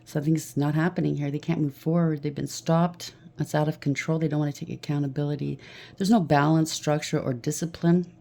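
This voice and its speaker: Speaking from home as a tarot reader, this woman has a low-sitting, warm voice with vocal fry, a brisk pace, and fairly even intonation. She gives a collective reading, comforting viewers with lots of fillers and a recurring "okay?" while a washing machine runs in the background.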